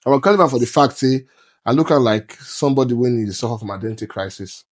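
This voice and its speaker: A man's voice: mid-range voice, lively intonation, fast talker. A young man from Nigeria with a Nigerian accent, talking emphatically on a podcast and mixing Pidgin into his English. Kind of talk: casual podcast chat.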